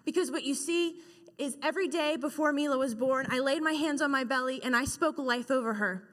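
Young woman preacher, higher voice, hall reverb, passionate storyteller. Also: fairly quick, fairly bright tone. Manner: impassioned, storytelling. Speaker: guest speaker. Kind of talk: sermon. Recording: echoey hall.

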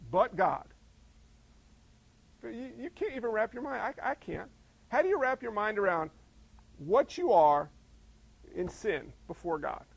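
A man's voice: sits high, very animated, unhurried, creaky, pauses often, dry recording, rough recording. A middle-aged male pastor preaching a sermon in a conversational way, firing off rhetorical questions.

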